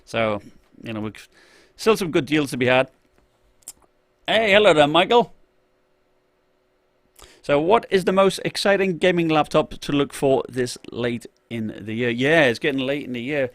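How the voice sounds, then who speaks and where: A man's voice: mid-range voice, animated, normal speed, few pauses. A man hosting a casual live stream about tech gear, talking in loose, rambling runs full of "uh" and "you know". He keeps breaking off to greet viewers by name from the chat. His voice sounds dry, with no room echo. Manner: rambling, lots of fillers and restarts.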